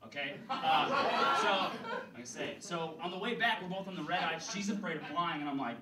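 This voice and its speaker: A man's voice: fairly high pitch, fairly quick, reverberant, recorded from a distance, a crowd in the background, poor audio. Young man doing rambling stand-up. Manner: rambling, self-deprecating, laughs at his own jokes. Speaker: stand-up comedian. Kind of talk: stand-up storytelling. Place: comedy venue stage.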